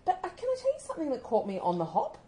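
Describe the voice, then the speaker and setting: An Australian woman co-hosting a podcast, telling stories in a casual, animated way and often laughing as she talks. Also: high voice, very fast. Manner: animated storytelling, often laughing mid-sentence. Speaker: podcast co-host.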